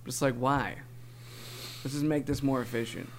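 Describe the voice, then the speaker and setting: A man's voice: mid-range voice, steady tone, moderate pace, a little hiss or hum. A young man co-hosting a podcast, chatting casually through a spelling game, often laughing and exasperated. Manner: laughing, exasperated, says dude a lot. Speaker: podcast co-host.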